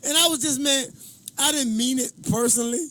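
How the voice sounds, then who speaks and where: A man's voice: extremely high pitch, fairly quick, pushed and bright, a little hiss or hum. A man, a former boxer, telling profane stories in a casual chat, laughing often. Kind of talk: casual storytelling.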